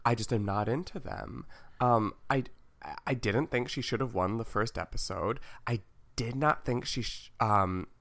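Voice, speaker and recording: A man's voice: medium pitch, a bit bright. A man co-hosting a podcast in casual chat, rambling and restarting his sentences often. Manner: rambling, halting with many restarts. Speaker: podcast co-host.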